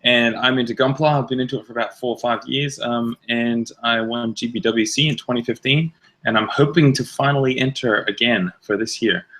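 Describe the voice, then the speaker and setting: Casting: bright-voiced man, Australian-American mixed accent, easygoing teasing chat. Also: mid-range voice, steady tone, fairly quick. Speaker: guest co-host. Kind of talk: casual livestream chat.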